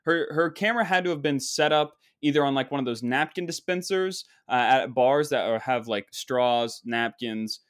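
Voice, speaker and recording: Male podcast host, comedic rambling storyteller, sarcastic and mock-boastful, mid-pitched voice. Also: normal speed, hardly any pauses.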